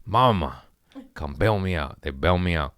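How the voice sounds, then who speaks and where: A young man telling a wild story in casual podcast chat, swearing freely and jumping into high voices when he quotes people. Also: measured pace, smooth. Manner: animated, acts out quotes with sudden pitch jumps, swears freely.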